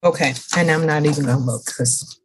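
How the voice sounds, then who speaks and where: A woman's voice: low-pitched, noisy background. A woman co-hosting a casual book-chat podcast, chatty and emphatic in her opinions. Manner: emphatic, drawn-out complaints, chatty. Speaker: podcast co-host.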